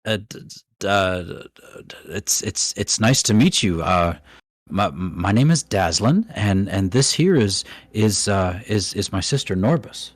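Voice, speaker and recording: A man's voice: lowish voice, animated, a little slow, no echo, pitched below the performer's own voice. A man voicing a nervous female dwarf commoner who stammers and hesitates in a tabletop game. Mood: nervous, stammering.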